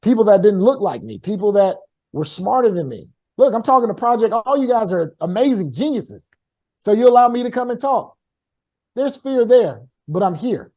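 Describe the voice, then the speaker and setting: Energetic motivational man, high voice. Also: moderate pace. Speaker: guest speaker. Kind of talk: online workshop talk. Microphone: video call.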